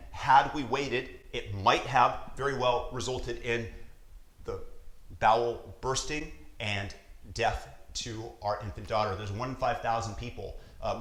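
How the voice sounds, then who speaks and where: A man's voice: medium pitch, a bit bright. A father vlogging to camera with earnest, emphatic motivational talk, repeating his points. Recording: roomy echo.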